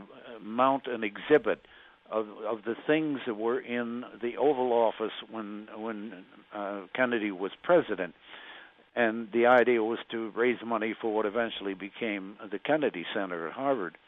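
An older man, a former magazine journalist, recalling past stories as an interview guest, speaking haltingly with frequent restarts. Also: on the low side, phone-quality sound. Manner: halting, with many restarts and fillers.

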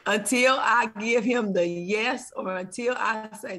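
A woman's voice: medium pitch, slow, creaky, a bit bright, slightly rough. A woman in her forties, a mother interviewed as a guest, telling stories and acting out phone calls with laughter.

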